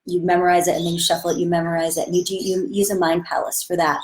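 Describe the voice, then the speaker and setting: A woman's voice: fairly low pitch, little pitch movement, fast talker. A woman acting teacher giving an enthusiastic, chatty live-streamed lesson with a webcam-style mic. She talks in a casual way and breaks into sudden bursts when she demonstrates. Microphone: webcam or phone on a live stream.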